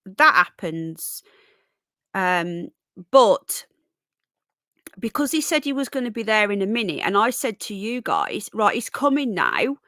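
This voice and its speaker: A woman's voice: mid-range voice, lively intonation, measured pace, long pauses, bright, forceful tone, no echo, clean studio sound. Tired, chatty woman streaming live. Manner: chatty, greets viewers by name, calls them darling and sweetheart. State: tired and yawning. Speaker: livestream host. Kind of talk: casual live-stream chat with viewers.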